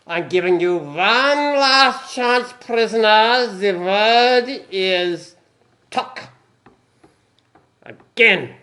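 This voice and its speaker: A man's voice: high-pitched, lively intonation, slow pace, voice pushed up, full character voice. A man putting on a German accent to play an angry prison camp commandant in a joke. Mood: furious. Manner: shouting in a mock German accent. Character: barking German prison camp commandant, male, middle-aged, furious.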